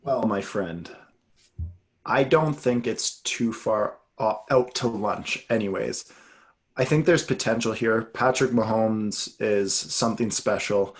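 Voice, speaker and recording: A man's voice: fairly low pitch, measured pace. A man co-hosting a sports podcast, talking casually and animatedly, drifting into tangents. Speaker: podcast co-host.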